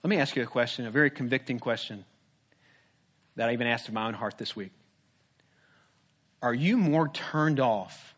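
A man's voice: mid-range voice, normal speed, long pauses, a bit bright. A man preaching a sermon as a pastor, conversational and humorous, with rhetorical questions.

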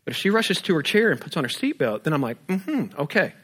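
A man's voice: on the high side, very animated, quick pace, fairly bright tone, slightly rough. A man pastor preaching a sermon, pressing with rhetorical questions and breaking in with humorous everyday asides.

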